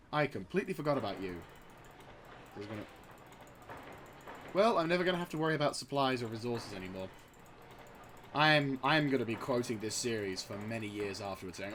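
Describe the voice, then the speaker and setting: A man casually commenting on a strategy game, rambling and excitable, swearing freely and chuckling at his own jokes. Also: mid-range voice, moderate pace, slight background noise. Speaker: gaming channel host.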